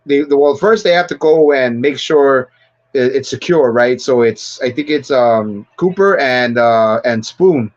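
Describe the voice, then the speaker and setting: A man's voice: mid-range voice, a little slow. Rambling, profane man with dull lo-fi sound. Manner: rambling, profane, laughs often. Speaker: livestream host. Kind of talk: casual movie discussion.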